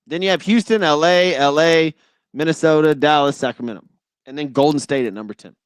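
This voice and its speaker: A man's voice: fairly high pitch, fairly quick, clean tone, no room sound, clean studio sound. A man hosting a sports talk show, giving a casual, opinionated monologue in a blunt and exasperated way.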